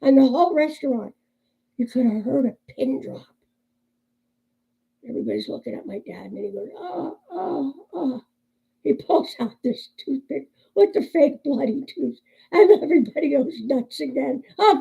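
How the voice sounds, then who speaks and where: Gravelly older woman vlogger, chatty. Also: high-pitched, low-quality recording. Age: 60s. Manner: chatty, laughs often, animated storyteller. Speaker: crochet vlogger. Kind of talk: casual chat and joke storytelling.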